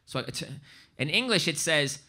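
Brief: lively American male stand-up comic, sharp bright tone, big pitch swings. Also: moderate pace, slight background noise. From United States. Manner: animated, bursts into loud shouted impressions. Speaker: stand-up comedian. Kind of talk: stand-up comedy. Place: stage before a live audience.

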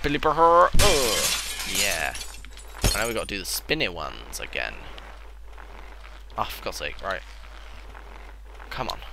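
A young man giving excitable, joking let's-play commentary, crude and sarcastic. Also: on the low side, measured pace, creaky, pauses often. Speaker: gaming channel host. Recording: loud background noise.

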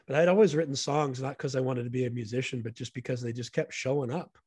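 A man's voice: mid-range voice, steady tone, fast talker, darkish tone, husky, no room sound. A man, a guest on a podcast, telling stories in an earnest and enthusiastic way. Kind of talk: casual storytelling conversation.

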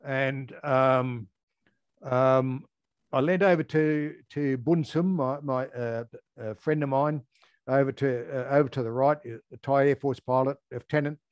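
An older Australian man, a former air force firefighter, telling a story in an interview, halting with many ums and restarts. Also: medium pitch, steady tone, clear, resonant tone, dry recording, lo-fi sound.

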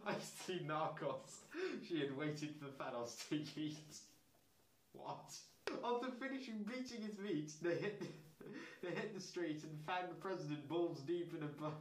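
A man reads fan fiction aloud in a slightly high voice and keeps stopping to react in disbelief. His comic asides break up the reading. The room around him is echoey, with a faint hiss under the voice. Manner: incredulous, breaks into laughter and asides. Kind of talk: comedic reading with commentary.

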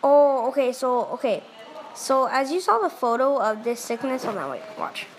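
A woman casually reacting out loud as she reads a chat story, excitable and full of quick exclamations. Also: sits high, slight background noise. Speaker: vlogger reading a chat story.

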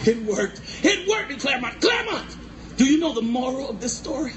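A man works a stand-up set, his voice sitting very high and swinging widely. He talks loudly and playfully, ribbing people in the crowd. There is a steady wash of noise behind him in the recording. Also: fairly quick. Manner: loud, playful, teasing the crowd. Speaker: stand-up comedian. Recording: noisy live recording.

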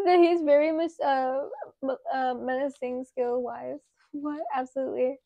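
A woman's voice: sits high, a little slow, creaky, mellow, no room sound. A woman in her late twenties hosting a casual live stream, chatting and giggling with her chat while sculpting clay. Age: 20s. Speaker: livestream host.

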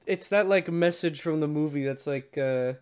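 A man co-hosting a movie podcast, retelling scenes and laughing often. His voice sits a bit high and is smooth and resonant. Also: moderate pace, a little mellow. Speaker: podcast co-host. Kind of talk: casual film review chat.

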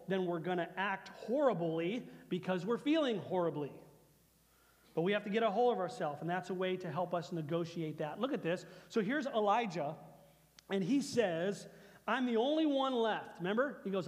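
Pastor guy preaching, high voice, chatty and repeats himself, big hall echo. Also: animated, moderate pace. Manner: conversational preaching, repeats phrases, acts out God's lines softly. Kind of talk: sermon.

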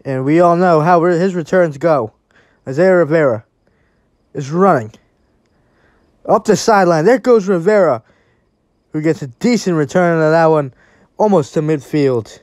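A play-by-play commentator calling a game live, calm on routine snaps and breaking into excited shouts on big plays. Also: mid-range voice, normal speed, pauses often, dry recording, studio quality.

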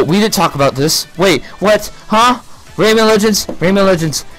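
Excitable young man reacting live. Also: high-pitched, normal speed, soft background music. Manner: excitable, shouts and swears, gasps and laughs. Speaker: reaction video creator.

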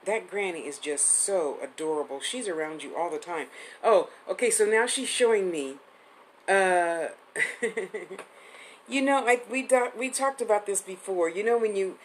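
A woman's voice: medium pitch, a little slow, slight background noise, low-quality recording. A woman in her fifties giving a live-streamed psychic reading, chatty and affectionate, rambling with restarts. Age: 50s. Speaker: psychic medium host.

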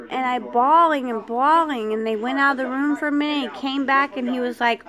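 A woman's voice: sits high, fairly quick, few pauses, a bit bright. A woman vlogger frankly telling a personal story, aggravated at how she was treated.

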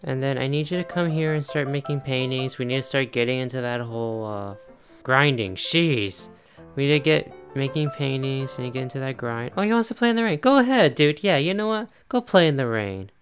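A man gives easygoing let's-play commentary in a mid-range voice. He chatters along, laughs often and talks directly to the characters on screen. Faint music plays quietly behind him. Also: mid-range voice, normal speed. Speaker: gaming YouTuber.

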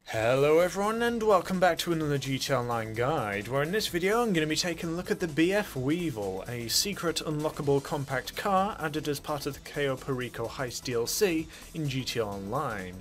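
A man's voice: fairly high pitch, expressive, fairly quick, few pauses, soft background music. A man hosting a gaming channel, narrating a casual game review in a chatty, offhand way with jokey asides.

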